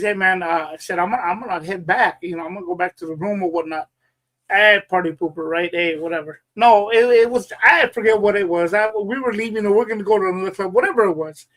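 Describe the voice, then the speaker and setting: A man's voice: sits high, fairly bright tone. A man hosting his own podcast, telling a casual story with many fillers and restarts. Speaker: podcast host.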